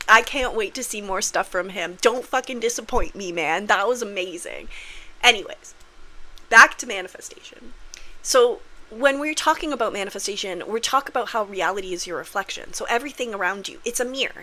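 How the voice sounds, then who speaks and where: A woman with a bright, crisp voice talks straight to camera in a loose, opinionated vlog. She is candid and swears freely. She slips into big, acted-out voices when she retells scenes. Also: medium pitch. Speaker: manifestation vlogger. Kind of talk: casual opinionated monologue.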